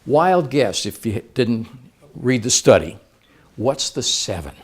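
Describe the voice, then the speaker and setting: A man's voice: medium pitch, sing-song, slow pace, breathy edge. A man speaking to a live seminar audience, playful and engaging, asking the crowd questions as he goes.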